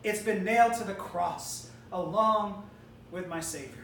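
A woman's voice: medium pitch, a little slow, fairly bright tone, a little hiss or hum. A woman preacher delivering an emphatic, rhetorical sermon in which she challenges death directly. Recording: roomy hall, distant mic, faint ambience.

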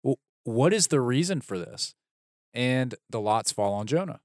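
A man co-hosting a casual Bible discussion podcast, retelling the story with lively acted-out lines. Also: mid-range voice, measured pace, dry recording, studio quality. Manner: animated storytelling, acts out characters' lines. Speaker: podcast co-host.

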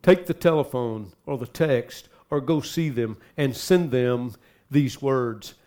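A man with a mid-range voice preaches a sermon as pastor at a slow pace, dropping into soft asides before climbing into loud, urgent exhortation.

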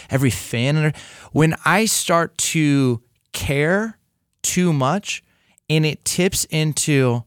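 A man in casual podcast chat about faith and sports fandom, lively and repeating words as he thinks aloud. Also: on the high side, no room sound, clean studio sound.

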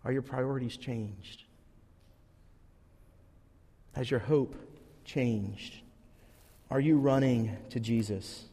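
A man's voice: mid-range voice, slow, vocal fry, dark tone, breathy edge, long reverb tail. A man preaching a sermon, telling a Bible story earnestly and acting out the characters' lines. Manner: earnest storytelling, acts out quotes. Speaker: pastor.

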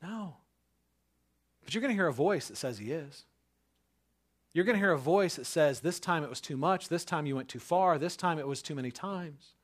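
Pastor in his thirties, male, slightly high voice, chatty storyteller who swings into fervent preaching. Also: expressive, moderate pace, pauses often. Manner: conversational storyteller, building to emphatic preaching. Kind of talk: sermon with personal story.

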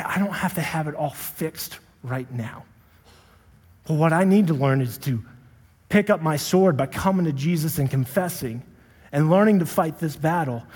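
A man's voice: fairly high pitch, breathy edge. A young adult man preaching a sermon as a pastor, earnest and confessional. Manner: earnest, rises to impassioned shouting when retelling his anger. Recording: long reverb in a large hall.

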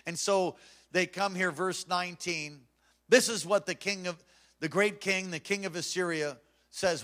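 A man's voice: high-pitched, measured pace, a bit bright. A man preaching a fervent, emphatic sermon as pastor from a church stage.

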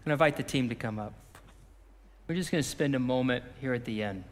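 A man preaching a sermon as pastor, swinging from impassioned shouting to a hushed closing prayer. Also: mid-range voice, a little fast, in a large hall. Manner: impassioned, shouting repeated phrases, then dropping to a quiet prayer.

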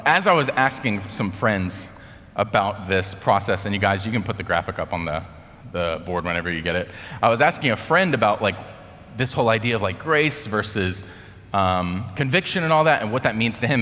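A man's voice: lowish voice, pushed and bright, big-room sound. An American man giving a casual sermon, telling a story in a chatty way with lots of fillers. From United States. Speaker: speaker.

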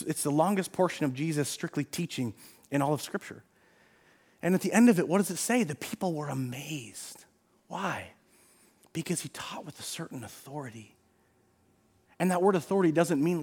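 A middle-aged male pastor preaching an animated sermon, acting out Bible scenes and sometimes shouting. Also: on the high side, husky.

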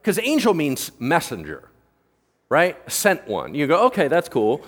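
Male pastor, sermon, playful and animated, higher voice, reverberant church hall. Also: measured pace, husky. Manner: animated, joking, asks the room questions.

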